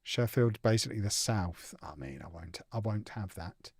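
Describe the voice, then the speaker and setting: A man's voice: on the low side, animated, moderate pace, breathy edge, no echo, studio quality. A young man hosting a casual live gaming stream, reading out chat and answering it with playful, teasing banter.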